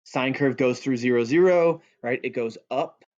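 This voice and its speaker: A man's voice: medium pitch, moderate pace, a little mellow. A male math teacher giving a recorded calculus lesson in a playful, joking way. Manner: playful and goofy, jokes with students. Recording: dull lo-fi audio.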